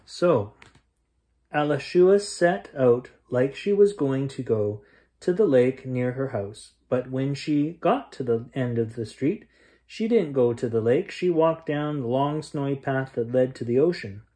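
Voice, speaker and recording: A man reads a children's bedtime story aloud in an unhurried mid-range voice, animated throughout and raising his voice for yelled lines. It's picked up by a camera mic close to the camera.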